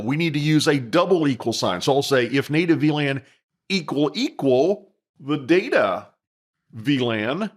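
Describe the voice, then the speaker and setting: Male instructor, mid-pitched, methodical, dictates code for a screen-recorded tutorial.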